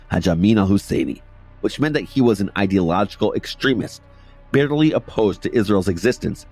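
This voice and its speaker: A man's voice: fairly low pitch, darkish tone, slightly rough. A man hosting a history podcast, narrating a script with casual asides and repeating phrases for emphasis.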